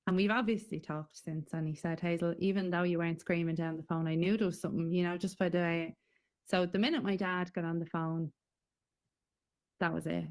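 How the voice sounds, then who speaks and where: A middle-aged Irish woman giving a halting, emotional personal testimony as a guest in an interview. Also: lowish voice, little pitch movement, a little mellow. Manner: halting and emotional, with frequent pauses and fillers.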